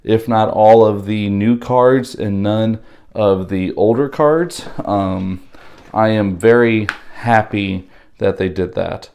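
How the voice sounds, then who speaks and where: A man with a slightly hoarse voice gives a casual, halting unboxing walkthrough, pausing often with fillers. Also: on the low side, darkish tone, highs cut off, slight background noise. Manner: unhurried, halting, with many pauses and fillers. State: slightly hoarse from losing his voice. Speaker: board game unboxing host.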